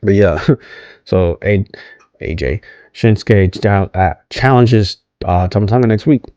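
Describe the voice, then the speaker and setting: A man casually recaps a wrestling show in a fairly low, unhurried, slightly mellow voice. He rambles and hesitates with many ums, restarts, and self-corrections, and asks viewers questions and invites them to comment. The audio is dull, with no room sound.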